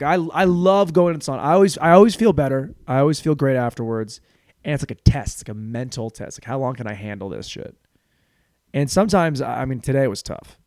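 A man's voice: medium pitch, darkish tone, no room sound, clean studio sound. A man hosting a podcast, rambling crudely through a comedic monologue, with cluttered speech where his words tumble together, laughing at his own jokes. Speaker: podcast host. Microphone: studio mic on a stand.

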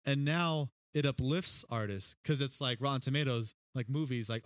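A man's voice: medium pitch, moderate pace, hardly any pauses, a bit bright, no echo. A young man as a podcast guest in casual chat, upbeat and filler-heavy.

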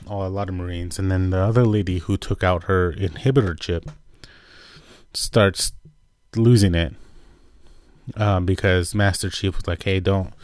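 A man with a notably low, deep voice recaps a TV episode in a loose, chatty way, leaning on fillers and acting out characters' lines in quick voices. The sound is dry and close, with no room echo. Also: fairly even intonation. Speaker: show reviewer.

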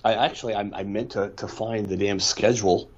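Low-voiced man with a dull lo-fi sound. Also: fairly even intonation, fairly quick. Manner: rambling storyteller, wry complaints. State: congested from allergies. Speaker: podcast co-host. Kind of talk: casual podcast chat.

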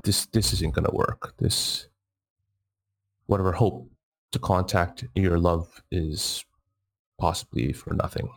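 A man with a very deep voice runs a tabletop game as game master. He narrates slowly and deliberately, pausing often for fillers. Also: steady tone. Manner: measured, with frequent fillers.

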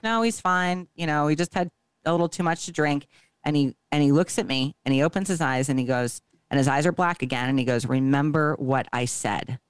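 A woman's voice: low-pitched, clear, resonant tone, no room sound. A woman co-hosting a podcast, telling a long story in a casual, profane way and acting out each line of dialogue. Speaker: podcast co-host.

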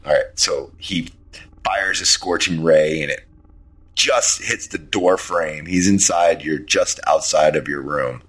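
A man's voice: extremely low pitch, measured pace, a bit bright. A man running a tabletop game as game master, narrating the action in an easygoing way. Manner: easygoing, descriptive, laughs often.

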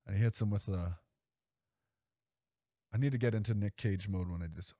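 A man's voice: lowish voice, normal speed, long pauses, dark tone, no echo, studio quality. A man hosting a podcast in a casual, rambling way, swearing freely and leaning on "like" and "you know". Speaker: podcast host. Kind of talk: casual chat.

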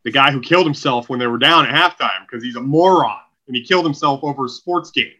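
Bright-voiced joking podcast man. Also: medium pitch, quick pace, dull audio. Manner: joking, storytelling, teasing. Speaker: podcast co-host. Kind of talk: casual comedic chat.

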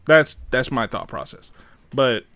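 A man's voice: medium pitch, expressive, a little slow, pushed and bright, dry recording. Dry-sounding hedging podcast man. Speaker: podcast co-host. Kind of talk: casual podcast chat.

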